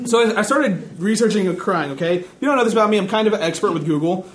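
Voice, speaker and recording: A man's voice: high voice, fast talker, few pauses. A young man giving a conversational sermon, chatty and loose, often checking in with the audience and slipping in dry jokes at his own expense. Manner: casual, chatty, checks in with "right?" and "okay?"; dry self-mocking humor. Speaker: preacher.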